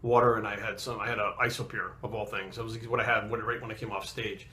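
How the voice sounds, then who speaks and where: A man's voice: on the low side, level tone, quick pace, pushed and bright. A man telling a story in casual talk, blunt and profane, getting heated as he goes. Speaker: fitness coach and bodybuilder.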